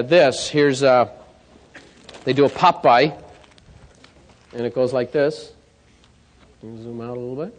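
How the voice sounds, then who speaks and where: A fairly high-voiced man works a seminar crowd as a sales coach. He tells lively stories and keeps checking that his audience follows. His voice rings out with the long reverb of a hall. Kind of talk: live seminar talk.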